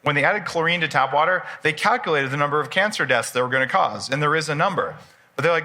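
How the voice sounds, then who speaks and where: Bright-voiced man giving a lively talk. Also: a little high, quick pace. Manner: enthusiastic, conversational, jokes with the audience. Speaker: speaker at a personal development expo. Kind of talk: live conference talk. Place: event hall before a live audience.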